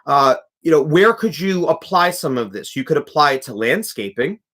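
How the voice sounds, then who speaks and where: A man's voice: on the high side, animated, moderate pace, a bit bright. A young man, a music teacher, hosting a live stream, reading chat comments aloud and talking casually with many restarts and fillers.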